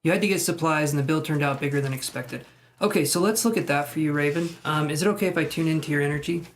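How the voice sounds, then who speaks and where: Chatty guy doing tarot on a livestream, kinda high voice, jokes at himself. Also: quick pace. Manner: chatty, self-deprecating. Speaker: tarot reader. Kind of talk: live-stream reading, casual chat.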